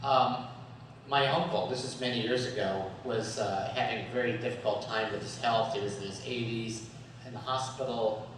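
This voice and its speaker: A man's voice: mid-range voice, fairly even intonation, normal speed, fairly bright tone, slight background noise. Male guest speaker, joke-laden storyteller; distant mic in an echoey hall, faint ambience. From USA. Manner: storytelling with jokes, chuckles often. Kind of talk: humorous talk at a Sunday service. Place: worship hall.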